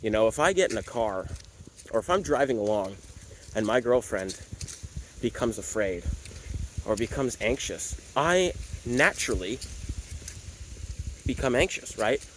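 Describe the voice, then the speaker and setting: A man's voice: mid-range voice, very animated, unhurried, pauses often, fairly bright tone, slight background noise, rough recording. A man who works as a dog trainer, talking casually to camera with frequent fillers and tag questions. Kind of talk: casual talking-head explainer.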